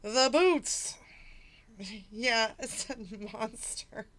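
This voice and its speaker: A woman's voice: fairly high pitch, very slow, fairly bright tone, slight background noise. A middle-aged woman hosting a livestream in casual chat, flustered and swearing, laughing through her setbacks. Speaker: livestream host.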